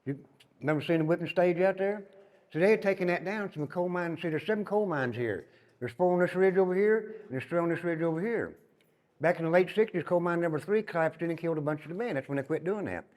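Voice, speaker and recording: An older Southern man from Tennessee talks quickly and with force, sitting a little high in pitch. He tells stories from his time inside as he leads a tour, often dropping to a low murmur for short asides. His voice rings with a long echo off hard prison walls. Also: darkish tone. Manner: emphatic, drops to a low murmur on repeated asides. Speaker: former inmate giving a prison tour. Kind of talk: storytelling tour guide. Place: inside an old prison building. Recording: long reverb in hard rooms.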